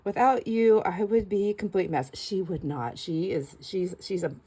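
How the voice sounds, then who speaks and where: A middle-aged woman hosting a casual crafting vlog. She chats warmly to viewers, gushing and laughing, with frequent restarts. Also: medium pitch, expressive, normal speed, breathy edge, poor audio. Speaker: craft channel host.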